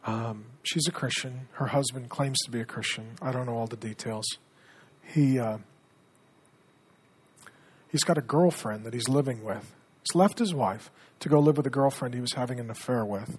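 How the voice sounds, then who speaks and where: A middle-aged man preaching a sermon as pastor, earnest, dropping to a hushed tone when telling stories. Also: medium pitch, moderate pace, slightly rough.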